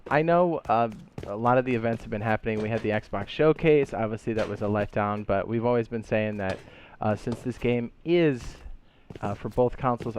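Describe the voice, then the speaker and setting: A man hosting a gaming update video, chatting casually and excitedly, throwing in silly sound effects. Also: medium pitch, a little hiss or hum. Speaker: gaming channel host.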